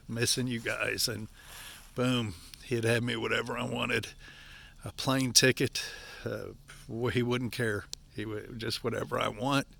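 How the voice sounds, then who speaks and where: Breathless, gravelly older Appalachian man. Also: mid-range voice, fairly bright tone. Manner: folksy, chatty, keeps calling out "folks". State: out of breath from physical work. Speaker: vlogger, campground owner. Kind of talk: casual walk-and-talk vlog. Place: outdoors at a wooded campground.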